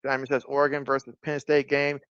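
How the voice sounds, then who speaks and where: A man doing casual live-stream play-by-play, reading viewer comments aloud, with bursts of excitement on big plays. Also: mid-range voice, a little fast, clear, resonant tone, no echo, dull audio.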